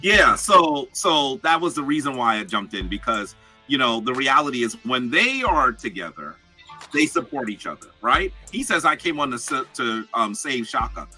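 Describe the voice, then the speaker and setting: A man explaining his side on a live debate show, animated and talkative. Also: mid-range voice, moderate pace, soft background music, poor audio. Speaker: guest commentator.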